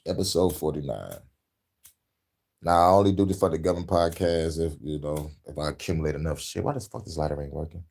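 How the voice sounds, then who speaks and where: A middle-aged man hosting a casual rant podcast, profane and animated, laughing often and shouting at times. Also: rumbling low, quick pace, gravelly, hardly any pauses. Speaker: podcast host.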